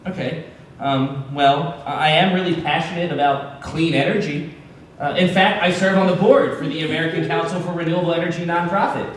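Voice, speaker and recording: An earnest, hesitant man who stammers as he makes his case in a comedy sketch. His voice sits slightly high for a man. The room is very echoey and the mic is distant. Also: fairly even intonation, brisk, a little hiss or hum. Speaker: political candidate.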